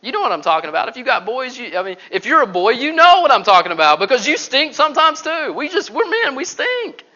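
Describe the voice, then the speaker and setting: A man preaching a sermon, telling stories with animated swings from loud to hushed. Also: very high-pitched, quick pace, hardly any pauses, muffled recording. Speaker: pastor.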